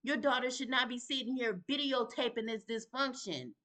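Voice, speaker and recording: A woman's voice: a little high, moderate pace. A middle-aged woman, venting in an emotional direct-to-camera vlog, heated and confrontational, calling out absent people in plain vernacular speech. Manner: Southern vernacular, sighs and breathes to calm down. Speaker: mother venting on a video.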